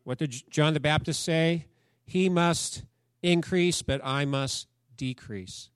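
A man's voice: fairly high pitch, slow pace, clear, resonant tone, no room sound, clean studio sound. A man preaching a sermon, talking in a conversational storytelling way and asking the congregation questions. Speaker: pastor.

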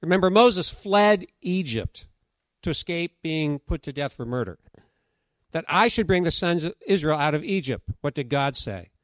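A middle-aged man delivers a sermon in a relaxed, conversational way, reading scripture aloud and joking with his listeners. His voice sits a little high for a man. The sound is close and dry. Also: dry recording. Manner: chatty, jokes with the congregation, reads scripture aloud. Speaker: pastor.

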